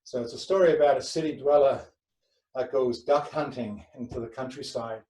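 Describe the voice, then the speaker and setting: A man leading a fitness class, giving calm, rhythmic counting cues, speaking some distance from the microphone. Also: mid-range voice, normal speed. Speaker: fitness instructor. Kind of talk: guiding an exercise class, then telling a joke. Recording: roomy echo, far from the mic.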